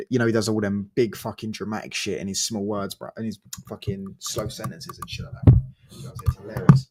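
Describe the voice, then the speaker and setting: A young man talks football in a loose, slangy, swear-heavy way. His voice sits low and sounds husky, with a sore throat. He keeps the chat laid-back and rambling. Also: flat delivery, fairly quick, warm tone. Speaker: football vlogger.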